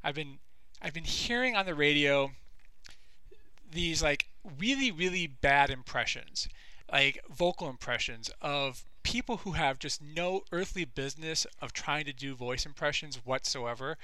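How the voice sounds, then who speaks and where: Male podcast host, bright and animated, profane exasperated rant, dry mic. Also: a little high, a little slow, clean tone, no room sound. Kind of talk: comedic rant.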